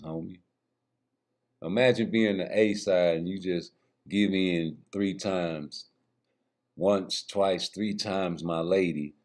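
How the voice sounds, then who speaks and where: Male boxing vlogger, low voice, unhurried, profane and rambling, talks to camera. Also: a little mellow. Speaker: boxing YouTuber. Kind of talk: casual boxing commentary.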